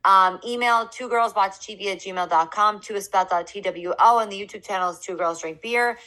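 A woman's voice: medium pitch, a little fast, sharp tone, low-quality recording. A young adult woman co-hosting a casual podcast, chatting loosely and joking around while sipping beer. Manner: chatty, drinking beer while talking, jokes around with accents. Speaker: podcast co-host. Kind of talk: casual chat.

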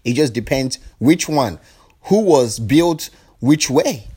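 A man's voice: medium pitch, animated, takes it slowly, warm tone, husky. A man giving a fervent spiritual monologue, preachy and profane, often acting out other people's voices. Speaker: spiritual speaker.

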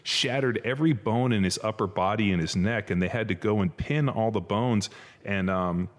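Casting note: low-pitched man, ex-football player, loose rambling anecdotes with swearing, reverberant room. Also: normal speed. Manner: rambling storyteller, swears, many fillers. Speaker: former pro football player. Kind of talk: casual podcast chat.

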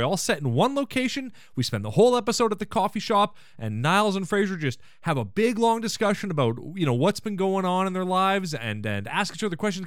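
A man's voice: high voice, a bit bright, clean tone, dry recording, clean studio sound. A man hosting a podcast, recapping an episode in casual chat, enthusiastic and full of joking asides. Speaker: podcast host.

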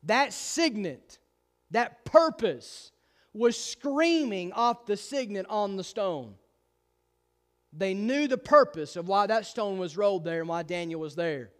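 A pastor preaching a sermon with emphatic, insistent delivery and frequent repeated restarts. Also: male voice, sits high, expressive, takes it slowly.

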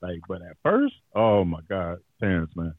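A man's voice: low voice, huge pitch swings, moderate pace, breathy edge, no echo. Guy with a radio kinda voice, slangy podcast host cussing and laughing, muffled lo-fi audio. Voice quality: radio-style voice. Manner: loose, slangy and profane, laughs easily. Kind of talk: casual podcast chat.

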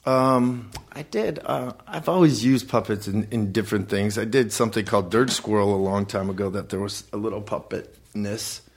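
A man's voice: fairly low pitch, normal speed, hardly any pauses, slightly rough. A middle-aged man from Los Angeles, a podcast guest talking casually in a laid-back way and laughing often.

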